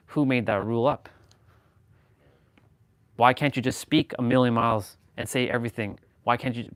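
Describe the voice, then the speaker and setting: A man in casual conversation, talking in loose, rambling runs full of restarts and fillers. His voice sits in a middle pitch range. It is recorded dry and close, with no room sound. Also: no room sound. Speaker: host. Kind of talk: casual chat.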